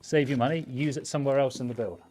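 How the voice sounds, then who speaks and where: A man's voice: mid-range voice, fast, darkish tone, faint music behind. A man hosting a live stream, chatting casually and giving blunt hardware advice while he works on a build. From United Kingdom. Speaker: livestream host, PC builder.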